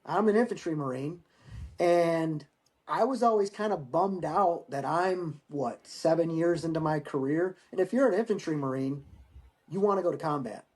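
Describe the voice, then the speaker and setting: A middle-aged man, a guest talking over a remote call, telling war stories in a profane, animated way. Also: on the high side, moderate pace. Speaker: guest, Marine veteran. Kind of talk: casual storytelling interview.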